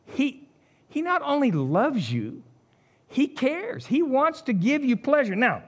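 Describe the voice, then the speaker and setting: Animated folksy preacher man. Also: takes it slowly. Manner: animated, folksy, jumps between high exclamations and low asides. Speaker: pastor. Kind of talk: casual conversational sermon.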